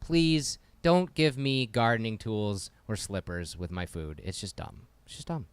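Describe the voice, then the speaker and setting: A man's voice: lowish voice, a little slow. A man co-hosting a casual podcast, ranting in an exasperated, swearing way. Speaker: podcast co-host. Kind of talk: casual comedic rant.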